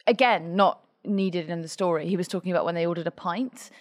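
A woman's voice: lowish voice, fairly quick. A woman with an Irish accent, co-hosting a podcast in a chatty, teasing way. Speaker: podcast co-host. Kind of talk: casual chat.

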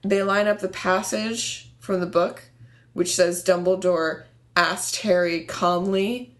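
A young woman co-hosting a casual chat, animated and laughing often, ranting with passion. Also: mid-range voice, slow pace.

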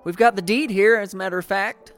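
A woman's voice: medium pitch, fairly even intonation, fairly quick, soft background music. A woman in a tabletop game speaking earnestly and politely in character as a missionary. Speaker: player.

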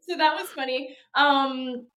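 A woman's voice: sits high, slow, sharp tone. A young woman from Canada, a flutist chatting as a podcast guest, bubbly and laughing often with plenty of fillers. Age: young adult. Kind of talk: casual interview chat.

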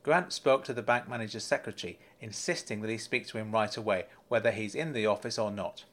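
A man's voice: lowish voice, a little fast. Man reading a story. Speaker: narrator.

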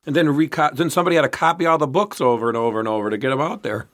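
A man's voice: on the high side, rapid-fire, fairly bright tone. A man co-hosting a casual history podcast, telling the story in a rambling way with many restarts. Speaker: podcast co-host.

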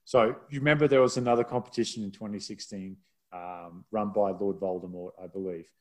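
A man's voice: lowish voice, steady tone, brisk, darkish tone. Chatty male rugby broadcaster telling stories. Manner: chatty, self-deprecating storyteller. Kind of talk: casual podcast storytelling.

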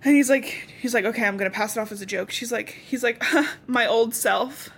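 A woman's voice: on the high side, a little fast, slightly rough. A young woman co-hosting a podcast, casually recapping a novel and acting out the characters' lines as she goes. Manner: chatty, acts out dialogue in quotes. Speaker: podcast co-host.

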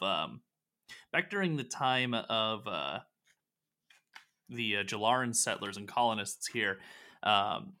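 A man with a mid-range voice runs a tabletop game. He narrates lore in a relaxed, rambling way, dotting his telling with ums and uhs. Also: mid-range voice. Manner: rambling, relaxed, with many fillers. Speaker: game master.

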